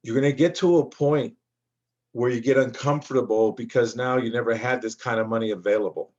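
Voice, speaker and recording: A man's voice: medium pitch, fairly quick, darkish tone, dull audio. A man coaching on business credit in a rambling motivational monologue, full of restarts and repeats. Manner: rambling, repetitive, with many restarts.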